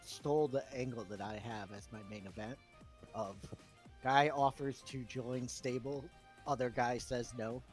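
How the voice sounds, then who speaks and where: A man's voice: medium pitch, steady tone, measured pace, faint music behind. A man chatting casually on a game stream with dry jokes. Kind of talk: casual chat.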